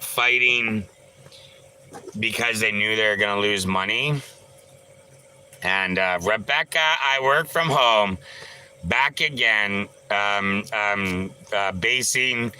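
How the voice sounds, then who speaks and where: A man chats with his viewers on a live stream, taking his time over each thought. His voice is very bright and a little tense, and his talk rambles loosely with filler sounds and casual swearing. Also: lowish voice, smooth, low-quality recording. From Canada. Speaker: livestreamer.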